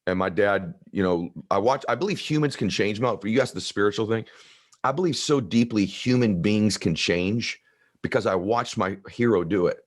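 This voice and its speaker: A man in his fifties with a deep, low voice. He tells personal stories in an earnest, heartfelt way, as a guest in a conversation. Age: 50s.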